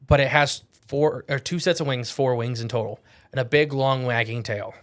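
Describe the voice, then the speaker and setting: A man in the middle of a relaxed podcast chat, rambling through his notes with plenty of restarts and self-corrections. He keeps things jokey and loose, and his voice sits at an ordinary male pitch. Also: normal speed. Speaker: podcast co-host.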